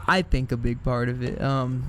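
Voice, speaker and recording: Young male podcast host, candid and reflective in casual chat, mid-pitched voice, faint hiss behind it. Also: normal speed. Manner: reflective, candid, laughs at himself.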